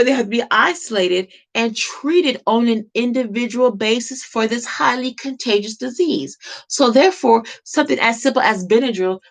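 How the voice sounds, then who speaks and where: Emphatic woman with a gravelly voice. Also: fairly high pitch, a bit bright. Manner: emphatic, repetitive, rhetorical questions. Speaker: vlogger. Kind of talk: impassioned monologue to camera.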